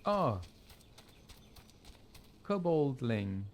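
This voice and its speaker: A man's voice: medium pitch, big pitch swings, extremely slow, slight background noise. A man giving casual, playful gameplay commentary, musing aloud to himself. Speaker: streamer playing a game.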